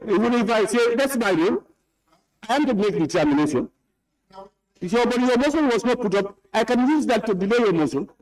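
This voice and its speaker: A stern man with a Gambian English accent presides over a parliament chamber, scolding members and repeating himself. His voice sits high for a man, and he speaks into a desk microphone. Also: expressive, a little fast, darkish tone, low-quality recording. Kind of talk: presiding over a heated debate.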